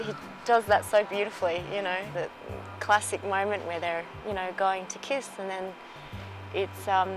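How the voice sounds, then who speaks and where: A woman's voice: mid-range voice, low-quality recording. A woman, an actress, talking thoughtfully in a behind-the-scenes interview, often breaking into laughter. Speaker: actor. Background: background music.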